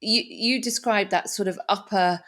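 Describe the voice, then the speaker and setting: A woman's voice: medium pitch, normal speed, a bit bright. A middle-aged woman hosting a podcast, talking candidly and reflectively, with frequent restarts. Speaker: podcast host. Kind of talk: casual conversation.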